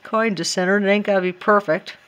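A woman walks through a craft project in a relaxed, chatty tutorial. She giggles often and talks to herself as she works, in an ordinary mid-range voice. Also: medium pitch, a little fast. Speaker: DIY craft vlogger.

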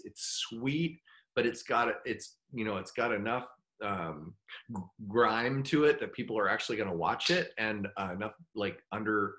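Bright-voiced middle-aged man, halting. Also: medium pitch. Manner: halting, full of fillers and restarts; heartfelt, open about his feelings. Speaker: guest actor. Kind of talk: casual interview chat.

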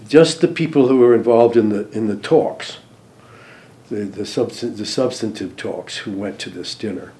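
An older American man, a former diplomat, recalling events in an interview, hesitant with many ums and restarts, trailing off softly at phrase ends. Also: fairly low pitch, moderate pace. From United States. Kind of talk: interview recollection.

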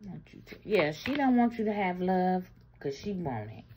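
A woman giving a casual tarot reading, talking bluntly and explicitly, swinging between loud bursts and low murmurs. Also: animated, moderate pace, slight background noise. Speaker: tarot reader.

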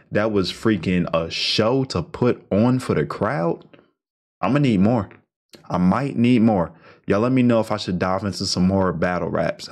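A young man hosting a reaction video, talking in an excited, slangy way and repeating himself as he gives his take. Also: fairly low pitch. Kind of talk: casual reaction commentary.

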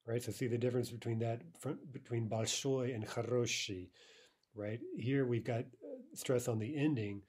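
A man teaching a recorded language lesson, explaining patiently, with fillers and restarts, and slowing down to read example words. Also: medium pitch, mellow, husky.

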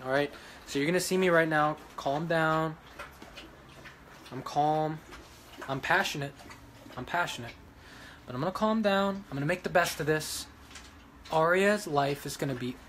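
A man vents in an emotional vlog rant, his voice sitting a little high for a man and swinging between hushed pleading and loud defiance. Faint room noise hums behind him. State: emotional after crying. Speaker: vlogger running a dog rescue. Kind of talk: emotional ranting vlog to followers.

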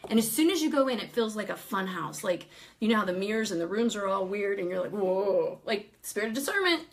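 A woman telling a ministry story in casual talk, animated and laughing often as she acts out what people said. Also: mid-range voice, fast talker, slight background noise.

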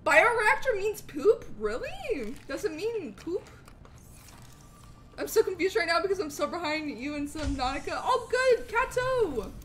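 A woman streaming a game live, chatting with viewers and swinging between loud greetings and low mutters. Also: big pitch swings, a little slow, slight background noise. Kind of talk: live gameplay commentary.

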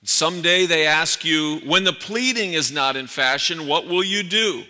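A pastor putting on a proud old New Yorker. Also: male voice, a little high, unhurried, bright, forceful tone, in a large hall. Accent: New York. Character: proud elderly male New York pleating-shop owner.

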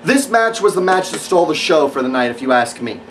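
A man talks through a wrestling review in a loose, rambling way, with sarcastic asides and lots of fillers. His voice sits a little high. He is a bit off the mic, with faint noise behind him. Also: sing-song, fairly quick, a bit bright, recorded from a distance, low-quality recording. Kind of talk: casual spoken review.

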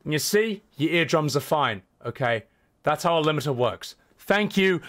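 A man giving a comedic, angry software tutorial, flipping between calm explaining and profane yelling at the viewer. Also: fairly high pitch, normal speed. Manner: profane, mock-abusive toward viewer. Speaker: content creator.

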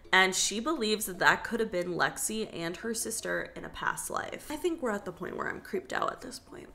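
A woman's voice: mid-range voice, pushed and bright. A young woman vlogger casually retelling a spooky story, chatty and dramatic, with lots of fillers. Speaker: vlogger host.

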